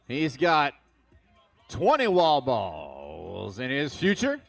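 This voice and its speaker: A man's voice: mid-range voice, wildly swooping pitch, slow pace, creaky. A man announcing a live arena fitness competition, hyped and cheering the athletes on. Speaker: event announcer. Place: large indoor arena.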